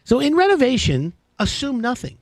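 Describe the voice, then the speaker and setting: A man hosting a live home-improvement show, talking in a rambling, jokey, excitable way. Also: very high voice, moderate pace, dry recording. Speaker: radio show host. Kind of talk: casual live call-in show chat.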